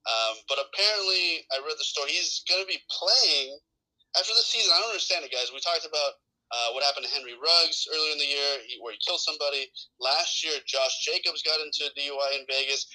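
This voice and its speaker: A man with a very bright, forward voice talks sports on a podcast panel. He tells his stories with animated, salty energy, swearing freely as he rants. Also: a little high, fast talker, low-quality recording. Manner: animated, profane storytelling. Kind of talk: casual sports talk.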